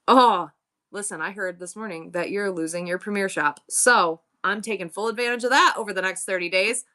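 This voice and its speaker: Bright-voiced chatty woman streamer. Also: medium pitch, brisk. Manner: chatty, candid, rambling with self-interruptions. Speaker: live-selling stream host. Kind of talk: casual chat to live viewers.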